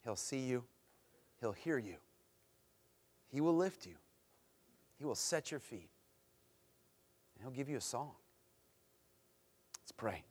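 A man preaching to a men's group, telling a story with lively voices and closing in a soft, earnest prayer. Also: medium pitch, measured pace, pauses often.

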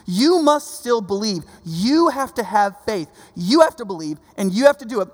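A man preaching a sermon in a conversational, animated way, often checking in with the audience with "right?" and acting out quoted voices. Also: sits high, moderate pace. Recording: long reverb.

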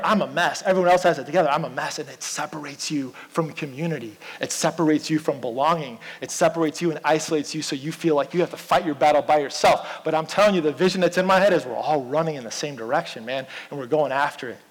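A man's voice: on the high side, in a large hall, rough recording. A man preaching a sermon as pastor, in a conversational, storytelling manner.

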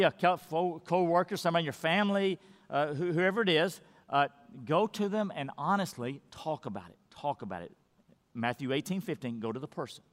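A man preaching a sermon as pastor, swinging between loud, emphatic peaks and hushed, quiet lines. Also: a little high. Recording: long reverb of a large hall.

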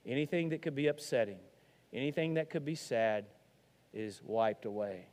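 Earnest pastor preaching in a hall. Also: male voice, medium pitch, lively intonation, moderate pace, darkish tone. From Arkansas. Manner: earnest and conversational, with many restarts and rising emphasis on key lines. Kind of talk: sermon.

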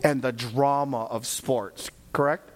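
A middle-aged man, a pastor, preaching a sermon and telling a story in an animated way, shouting now and then for emphasis. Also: mid-range voice, takes it slowly.

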